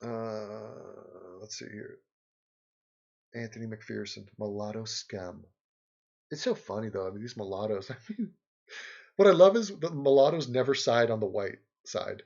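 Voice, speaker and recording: A man's voice: fairly low pitch, lively intonation, measured pace, vocal fry, pauses often, a little mellow. Man, livestream host, rambling, sarcastic, laughs often, muffled lo-fi audio. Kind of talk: casual rambling commentary over a game.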